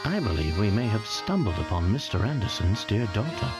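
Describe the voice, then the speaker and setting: An actor voicing a middle-aged gentleman professor in a video game, polite, measured and formal. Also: fairly low pitch, big pitch swings, low-quality recording. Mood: thoughtful. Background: game music.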